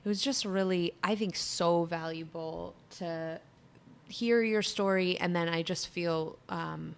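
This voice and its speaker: A woman co-hosting a podcast in casual chat, quick and enthusiastic as she leads a game. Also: fairly low pitch, steady tone, gravelly, smooth. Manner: warm, quick and enthusiastic when running the game. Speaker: podcast co-host.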